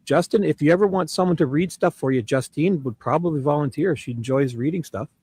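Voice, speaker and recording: A man co-hosts a livestream in a friendly, easygoing chat. His voice sits fairly high and sounds dry and close, and he often repeats himself. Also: brisk, a little mellow, husky, dry recording. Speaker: livestream co-host. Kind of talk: casual chat.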